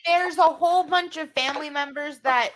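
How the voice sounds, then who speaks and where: A woman's voice: high voice, moderate pace, slight background noise. A woman on a live-stream panel, asking teasing questions and giggling. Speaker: panel guest. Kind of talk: casual live-stream chat.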